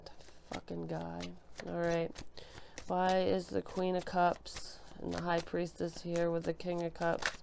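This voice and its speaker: Gravelly-voiced woman giving a profane tarot reading. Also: lowish voice, completely flat delivery, a little slow, darkish tone, slight background noise. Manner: blunt and profane, emotional, thinking aloud with many restarts. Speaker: tarot reader and medium. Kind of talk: casual tarot reading to camera. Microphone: desk microphone she bumps.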